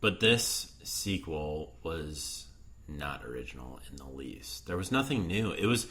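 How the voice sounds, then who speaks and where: A man's voice: extremely low pitch, very animated, unhurried, sharp tone. A man co-hosting a casual movie review podcast, laid-back and agreeable, often laughing along. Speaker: podcast co-host.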